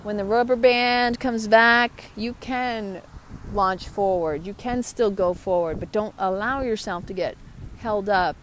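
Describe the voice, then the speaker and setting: A woman's voice: mid-range voice, measured pace, a little hiss or hum. A woman talking to her viewers in a motivational vlog, upbeat and chatty. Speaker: vlogger. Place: outdoors.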